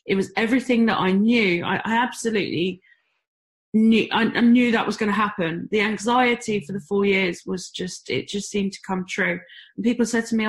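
A woman's voice: mid-range voice, steady tone, brisk. A middle-aged woman from the UK, talking candidly as an interview guest, with self-deprecating humor. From United Kingdom. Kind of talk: conversational interview.

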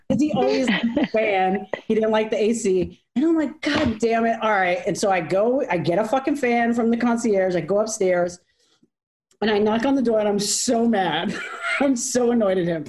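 Woman, fairly high voice, salty and animated, acts out quotes. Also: normal speed, crowd noise. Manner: brash, swears freely, acts out quotes. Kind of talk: casual chat.

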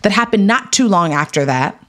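A woman's voice: mid-range voice, normal speed. A woman in her thirties, an actress guest on a podcast, telling a personal story in casual chat and acting out what people said to her. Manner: animated, acts out quotes in raised voices.

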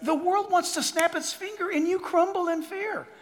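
A man preaching a sermon as pastor to a congregation, animated and emphatic, with asides and quoted voices. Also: very high voice, normal speed. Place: church hall before a congregation. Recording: long reverb of a large hall. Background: audience laughter.

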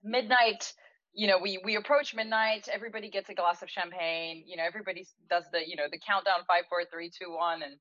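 Chatty low-voiced woman telling a story. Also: fast talker, dry recording. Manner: chatty and animated, laughs while telling, frequent fillers. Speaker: restaurant owner. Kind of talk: anecdotal storytelling in conversation. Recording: dull lo-fi, dry sound.

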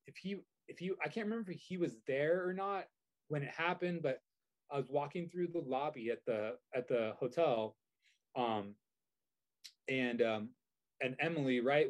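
A man's voice: medium pitch, darkish tone. Rambling man telling a story. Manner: rambling, many fillers and restarts. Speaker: guest. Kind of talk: casual storytelling chat.

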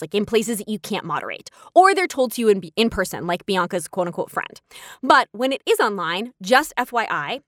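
A woman's voice: medium pitch, no room sound, studio quality. A woman in her thirties hosting a podcast in casual talk, telling stories with energy and acting out the replies she quotes. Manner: animated storytelling, acts out quoted replies. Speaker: podcast host.

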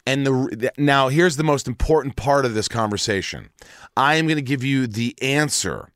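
A man telling a dramatic personal story in casual chat, animated and acting out dialogue, swearing freely. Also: medium pitch, moderate pace, no room sound, studio quality.

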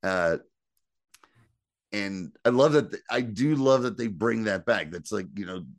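A man's voice: lowish voice, expressive, unhurried, dry recording. A man co-hosting a podcast, recapping a TV episode in casual, rambling chat and acting out characters' lines. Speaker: podcast co-host.

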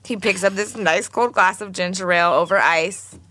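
Her voice fairly low and her pace normal, a podcast co-host tells a story in casual chat. She's profane and animated, performing every person's quotes herself.

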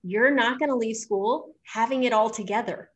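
A woman's voice: on the high side, moderate pace. Middle-aged lady hygienist chatting, telling stories, encouraging. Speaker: podcast co-host, dental hygienist. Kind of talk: casual chat.

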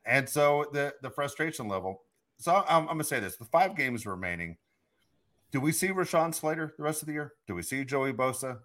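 A man's voice: mid-range voice, lively intonation, brisk. A man co-hosting a sports podcast, talking in a frustrated, emphatic way. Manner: frustrated, emphatic, laughs loudly. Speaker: podcast host. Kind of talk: casual sports talk.

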